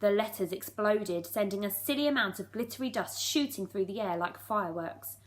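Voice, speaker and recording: A woman teacher reads a children's storybook aloud. Her reading is clear and steady. She brings the narration to life with an expressive touch. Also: medium pitch, moderate pace. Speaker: primary school teacher.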